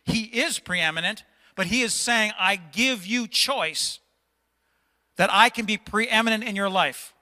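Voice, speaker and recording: A man's voice: high-pitched, measured pace, sharp tone. A man preaching a stern, exhorting sermon as pastor of a church, at times raising his voice in rebuke. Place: church sanctuary. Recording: long hall reverb.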